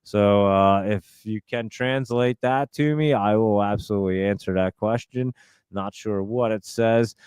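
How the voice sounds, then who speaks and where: A man's voice: fairly low pitch, a little slow, darkish tone, smooth, dry recording, clean studio sound. A man hosting a live stream, chatting casually and rambling as he reads out and answers viewer comments.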